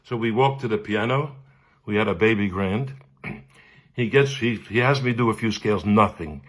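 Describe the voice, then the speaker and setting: A man, a cantor telling a humorous personal story with animated delivery and frequent laughs. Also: lowish voice, normal speed. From Brooklyn, New York. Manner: animated, laughs often, acts out voices.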